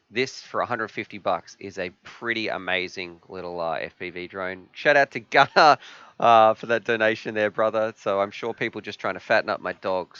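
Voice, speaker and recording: A man's voice: low voice, fairly bright tone, no room sound, highs cut off. A man hosting a casual live stream from his home room, rambling and chatty as he thanks viewers.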